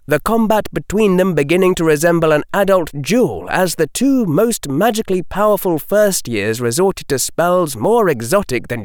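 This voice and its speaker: Sex: man. Role: audiobook narrator. Style: expressive, lively storytelling. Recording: dry studio sound. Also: a little high, dry recording.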